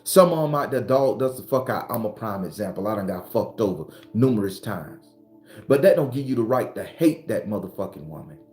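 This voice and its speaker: Talking fairly quickly in an expressive, low-leaning voice, a man hosting his own spiritual channel gives an impassioned, profane pep talk. He's blunt and preachy, climbing to shouts as he replays arguments, over faint background music in a roomy space.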